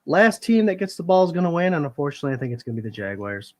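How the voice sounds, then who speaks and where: A man's voice: fairly high pitch, sing-song, rapid-fire, a little mellow, dry recording. Laid-back man on a sports podcast. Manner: laid-back, laughs along with the panel. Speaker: podcast co-host. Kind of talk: casual sports panel chat.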